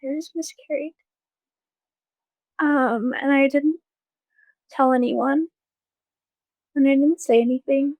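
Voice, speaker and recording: A young woman telling a painful personal story as a podcast guest, halting and soft, with pauses and fillers. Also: high voice, steady tone, dry recording, dull audio.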